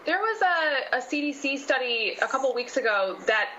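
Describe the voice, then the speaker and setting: Female reporter calling in; high, bright and direct, dull line with light noise. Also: expressive, normal speed. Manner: direct, challenging questions. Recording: muffled remote audio with faint noise.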